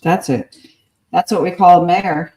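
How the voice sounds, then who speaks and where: Low-voiced woman rallying her team. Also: fairly even intonation, unhurried, warm tone. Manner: brash, joking, rallying the team. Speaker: real estate agent hosting a prospecting session. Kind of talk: casual chat over a video call.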